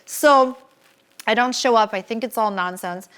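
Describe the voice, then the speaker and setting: A middle-aged woman with a fairly high voice tells a long story as a podcast guest. Her talk is casual and animated. She acts out what other people said to her. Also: measured pace, clean tone.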